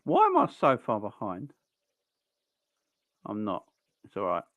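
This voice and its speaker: A man's voice: fairly low pitch, huge pitch swings, unhurried, a bit bright, dry recording. A man hosting a live football watchalong stream, chatting casually and rambling between reactions to the play and greetings to viewers.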